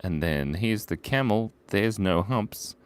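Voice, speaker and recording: A man's voice: lowish voice, expressive, takes it slowly, clear, resonant tone. A man hosting a live drawing stream, joking playfully and narrating each stroke as he draws viewers' ideas. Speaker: livestream drawing host.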